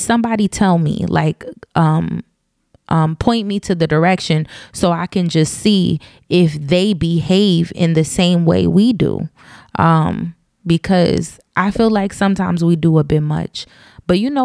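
A woman's voice: on the low side, mellow, no room sound, studio quality. A woman with a light Southern US twang talking in a casual opinion monologue to her listeners. She is chatty and candid, with many ums and asides.

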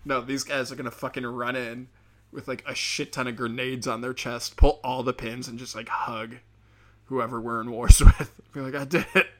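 A man talks through a solo podcast rant in a middle-pitched voice. He rambles, swears often and keeps laughing at his own jokes. Now and then he slips into quick impressions of other people. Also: level tone, fairly bright tone. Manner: acts out quoted people in sudden bursts. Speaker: podcast host.

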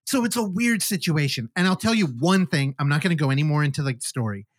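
A man's voice: a little high, animated, fast, no room sound, studio quality. A man hosting a podcast, animatedly retelling a movie in casual chat and swearing freely. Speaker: podcast host. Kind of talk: casual film review chat.

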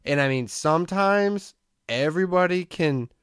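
A man hosting a podcast in casual chat, telling stories in a rambling, animated way and laughing often. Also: on the high side, normal speed, clean tone, no room sound, clean studio sound. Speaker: podcast host.

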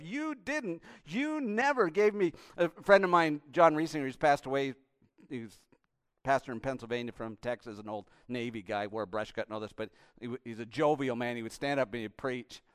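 A male pastor preaching a sermon with passion, swinging between hushed and loud passages. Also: mid-range voice, dry recording, clean studio sound.

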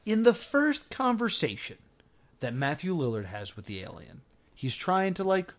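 A podcast co-host in a casual movie review chat who talks in a sarcastic, animated way. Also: medium pitch, normal speed.

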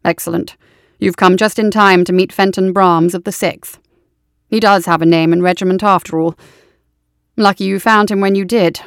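A woman reading a storybook, voicing a young male army field surgeon who speaks in a calm, measured, clinical way. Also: medium pitch, smooth, dry recording, studio quality, lightly acted. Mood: warm.

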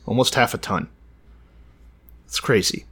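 A man's voice: medium pitch, unhurried, a bit bright, husky. A man in casual podcast banter about the Bible, teasing his co-host with blunt, profane wisecracks.

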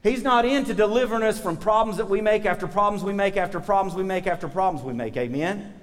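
A man's voice: sits high, quick pace, long reverb tail. A man preaching a sermon as pastor, talking casually with the congregation and asking them for amens.

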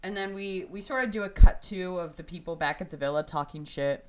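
A woman's voice: fairly low pitch, fairly quick. A young woman co-hosting a podcast, chatting casually and giggling through a reality show recap with lots of fillers. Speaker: podcast co-host.

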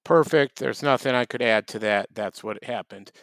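A man's voice: medium pitch, normal speed, fairly bright tone, dry recording. A man in the middle of his range, co-hosting a comedy podcast. He lectures and teases his partner in a wry, mock-serious tone. The sound is dry and close to the mic. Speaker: podcast co-host. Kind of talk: casual comedic podcast banter.

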